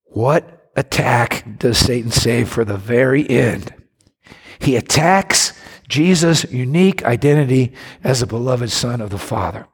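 A man's voice: animated, a little slow, slightly rough. A man preaching a sermon to a congregation, with dramatic rises and drops in his delivery. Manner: dramatic, rising to high voices for quoted mockers. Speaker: pastor. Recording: reverberant hall.

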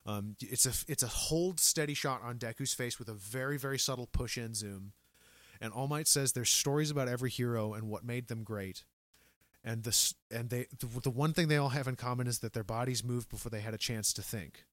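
A man's voice: medium pitch, a little fast, a bit bright, no echo. A man co-hosting a podcast, recapping episodes in an enthusiastic, chatty way with frequent fillers. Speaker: podcast co-host. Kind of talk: casual recap chat.

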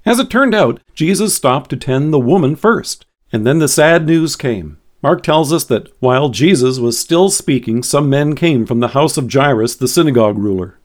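A man delivering a scripted devotional sermon in a measured, earnest reading voice. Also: mid-range voice, lively intonation. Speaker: devotional speaker.

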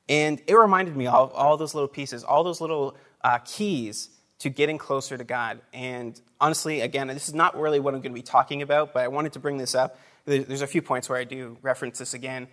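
A man's voice: mid-range voice, brisk, fairly bright tone. A man giving a casual, conversational sermon to a group, with frequent asides, fillers and little laughs between phrases. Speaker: preacher.

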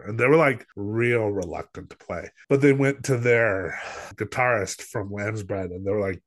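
A man's voice: fairly low pitch, normal speed, fairly bright tone. A man co-hosting a podcast who talks in a casual, rambling way, full of filler words, and acts out what other people said. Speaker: podcast co-host. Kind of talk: casual chat, film review.

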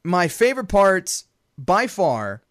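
A man co-hosting a podcast in casual chat, animated and laughing as he acts out movie quotes. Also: high voice, slow pace, dry recording, studio quality. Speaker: podcast co-host.

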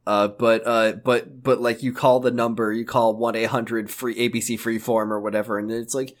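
A man's voice: medium pitch, level tone, normal speed. A man co-hosting a podcast, chatting in a joking, meandering way with many fillers. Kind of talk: casual chat.

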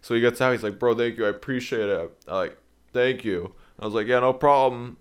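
A man's voice: medium pitch, fairly quick, clean tone. Slangy young man telling a story. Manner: rambling, animated retelling with acted-out quotes; swearing, slangy. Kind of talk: casual chat.

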